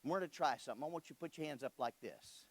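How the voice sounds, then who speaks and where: A man's voice: on the high side, very fast, no echo. A man giving a motivational speech to a youth audience, telling stories animatedly and putting questions straight to the crowd. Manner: animated storyteller who acts out dialogue; addresses the audience directly with questions. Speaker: convention speaker.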